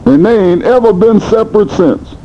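A man preaching a sermon in a blunt, colloquial manner, swinging between high and low in animated bursts. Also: moderate pace, dull audio, a little hiss or hum. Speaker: pastor.

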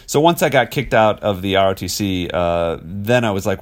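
Forties male actor from Wisconsin, low voice, loose storyteller, lots of ums. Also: moderate pace. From Wisconsin, USA. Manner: rambling, many fillers, laughs often. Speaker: actor guest. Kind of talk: casual interview storytelling.

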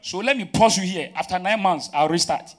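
A man preaches to his church. He fires questions for the congregation to answer and swings between loud emphatic bursts and quiet asides. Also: high voice, fairly quick. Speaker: pastor. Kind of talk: sermon.

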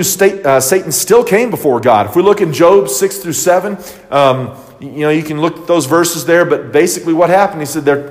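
A man teaching a Bible study in a loose, conversational way, with many fillers and restarts, recorded in a church hall. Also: on the high side. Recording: long reverb of a hall.

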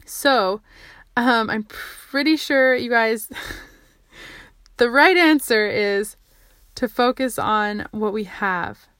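A woman talking casually in her own vlog, rambling and excitable, often breaking off mid-sentence and restarting. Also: fairly high pitch, takes it slowly, pauses often, clear, resonant tone, no echo, clean studio sound. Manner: rambling and excitable, many fillers, self-interrupting. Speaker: vlogger sharing what she learns. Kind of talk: casual self-recorded monologue.

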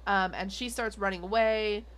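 At a medium, steady pitch and normal speed, this woman's slightly bright voice belongs to a young adult podcast co-host. She rambles through an episode recap, giggling and using plenty of fillers.

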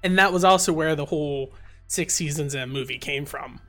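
A speaker casually retelling TV episodes with lots of fillers and quick laughs. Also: mid-range voice, faint music behind. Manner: animated storytelling, filler-heavy, quick laughs. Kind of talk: casual chat about a TV show.

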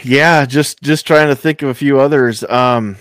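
Casting: man, mid-pitched, rambling, casual podcast co-host, dry close sound. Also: measured pace, a bit bright, no echo. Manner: rambling, restarts often, laughs easily. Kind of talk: casual chat.

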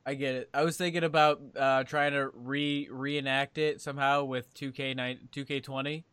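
A man's voice: mid-range voice, flat delivery, normal speed, a bit bright, clear, resonant tone, no echo. A man co-hosting a casual chat, rambling and hesitant with many ums. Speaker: podcast co-host.

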